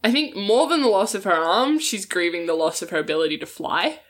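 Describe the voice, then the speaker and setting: A woman's voice: mid-range voice, big pitch swings, brisk. A woman playing a tabletop game, thoughtfully describing what her character does. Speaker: player.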